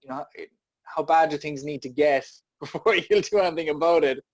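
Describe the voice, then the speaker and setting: A man, a business founder guesting on a podcast, talking in an animated, jokey way with exasperated asides. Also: a little high, fairly quick, no room sound. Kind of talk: casual conversational interview.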